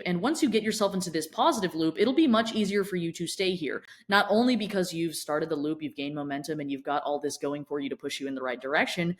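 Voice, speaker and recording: A woman coach giving a blunt, tough-love motivational talk straight to camera, swearing often. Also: lowish voice. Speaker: fitness and mindset coach.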